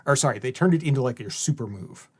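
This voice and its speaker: Animated sarcastic man chatting. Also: mid-range voice, quick pace, husky. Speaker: podcast co-host. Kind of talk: casual chat.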